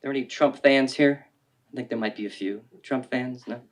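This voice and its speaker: A man in his sixties reads comic poems aloud at a bookstore event. His delivery is wry and dry, and it jumps now and then into loud, high outbursts. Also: moderate pace. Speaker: poet. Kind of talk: live poetry reading. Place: bookstore reading.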